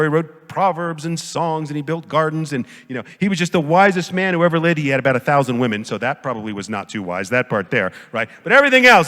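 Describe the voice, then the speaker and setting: Animated man lecturing in a reverberant hall. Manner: animated, jokey, acts out quotes with big pitch jumps. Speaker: professor lecturing. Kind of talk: conference lecture.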